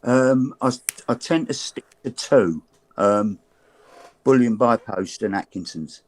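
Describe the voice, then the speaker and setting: A man's voice: mid-range voice, takes it slowly. A man from London with a London accent, answering in casual chat in a plain, matter-of-fact way with hesitant ums.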